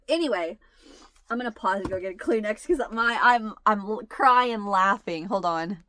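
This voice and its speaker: A woman in her forties tells a long family story in easy, casual chat. She keeps breaking into laughter as she goes, animated and warm with her audience. Her voice sits at a middle pitch and the recording is dry and close. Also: no room sound. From United States. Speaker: channel host.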